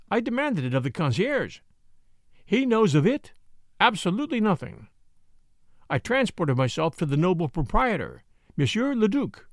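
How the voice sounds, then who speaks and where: A man voicing a grave, kindly older art professor who speaks with measured fervor. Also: a little high, no room sound, clean studio sound. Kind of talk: audiobook character voice.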